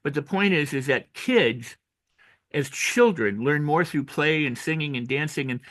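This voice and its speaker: In this interview, an older author and personal growth coach speaks at a measured pace in a voice on the high side. He brings his stories to life by acting out quoted voices, often starting sentences over and repeating himself.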